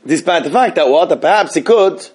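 Man teaching a law class, halting and questioning. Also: on the high side, lively intonation, darkish tone, husky. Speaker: Torah teacher. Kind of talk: live class on Jewish law.

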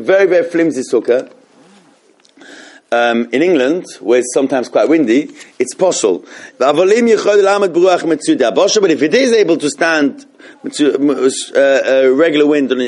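Man teaching a law class, halting and questioning. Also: a little high. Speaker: Torah teacher. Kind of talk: live class on Jewish law.

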